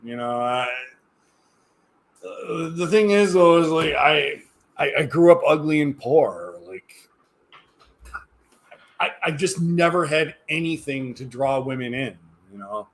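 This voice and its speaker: A man's voice: a little high, expressive, slow pace, pauses often. A tired man chatting casually on a livestream, rambling and hesitant, often trailing off into mumbles. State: tired, yawning. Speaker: livestreamer reading chat.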